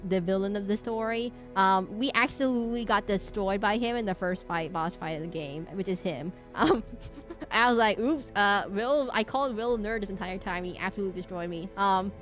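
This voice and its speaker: Streamer woman, middle pitch, rambling and giggly, faint game music behind. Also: moderate pace, a bit bright. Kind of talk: casual game-stream chat.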